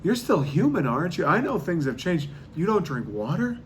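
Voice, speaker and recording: A man's voice: on the high side, big pitch swings, normal speed, a little hiss or hum, voice pushed up. A man putting on a bewildered Benjamin Franklin, incredulous and asking the same questions over and over.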